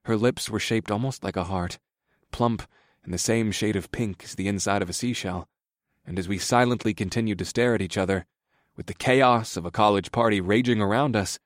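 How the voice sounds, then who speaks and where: A man narrating a first-person romance audiobook in a steady, low-key way. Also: dry recording, studio quality.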